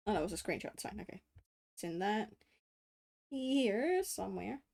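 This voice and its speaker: A woman's voice: mid-range voice, expressive, normal speed, vocal fry, long pauses, darkish tone. An Australian woman in her late twenties, streaming casual chat while drawing, rambling with many fillers, casual swearing and frequent laughs. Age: late 20s.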